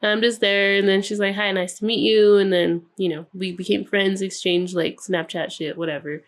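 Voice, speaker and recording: Young woman telling a lively story. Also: mid-range voice, moderate pace. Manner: animated, swears freely, acts out quoted voices. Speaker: podcast co-host. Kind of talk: casual storytelling chat.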